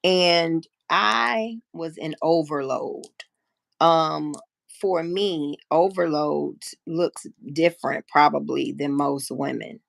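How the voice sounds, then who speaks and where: On her live stream, a woman in her fifties tells a personal story in a frank, profane way, animatedly acting out both sides of a conversation. Her low, gravelly voice moves slowly, and the recording is close and dry with no echo.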